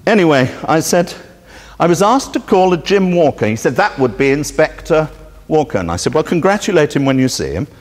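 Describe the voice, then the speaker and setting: A man's voice: a little high, big pitch swings, fairly quick. A man giving a public talk in a meeting hall, telling a story with sardonic indignation and acting out both sides of the dialogue. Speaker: speaker at a public presentation. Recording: reverberant hall recording.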